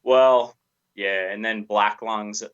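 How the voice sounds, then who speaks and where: A man's voice: lowish voice, fairly even intonation, takes it slowly, a bit bright, clean tone, lo-fi sound. A laid-back man, calling in as a guest and talking in slang. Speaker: call-in guest. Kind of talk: casual call.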